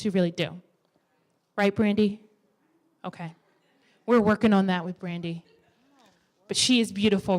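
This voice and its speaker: A woman in her twenties preaching a sermon in a church, lively and exhorting, with playful asides. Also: medium pitch. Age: 20s. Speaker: women's ministry speaker.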